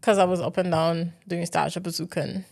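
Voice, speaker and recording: A woman's voice: fairly low pitch, steady tone, brisk, creaky, a little mellow. Easygoing woman podcast co-host. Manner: easygoing storyteller, loose informal grammar. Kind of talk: casual chat.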